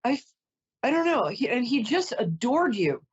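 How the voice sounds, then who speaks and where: A woman's voice: a little high, big pitch swings, moderate pace, slightly rough, dull audio. A woman psychic host doing a reading for a caller, chatty, emotional and apologetic, often close to tears.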